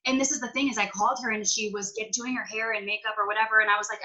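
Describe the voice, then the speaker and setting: A woman's voice: medium pitch, steady tone, rapid-fire, pushed and bright, low-quality recording. A woman talking casually on a video call as a network marketing team leader, rambling emotionally and acting out her own past conversations. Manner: rambling, emotional, lots of "like" and quoted self-talk.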